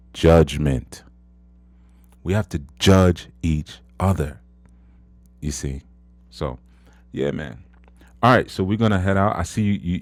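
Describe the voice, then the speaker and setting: A man's voice: sits low, darkish tone, no echo. A man in his thirties hosting an audio chat room, giving a casual motivational talk, emphatic and repetitive with lots of "you know". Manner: emphatic, repeats words, frequent "you know".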